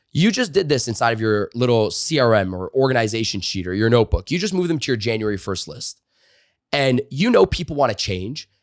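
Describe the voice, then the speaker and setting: A man who trains salespeople, a podcast guest telling stories in a lively way and using many casual fillers. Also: mid-range voice, dry recording, studio quality. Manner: animated storyteller, frequent "like" and "you know" fillers. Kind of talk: conversational storytelling interview.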